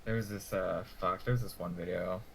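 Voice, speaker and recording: Low-voiced, profane man, rambling casual chat, faint noise behind. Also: steady tone, a little fast, gravelly. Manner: profane, rambling, laughs mid-sentence. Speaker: tabletop game player.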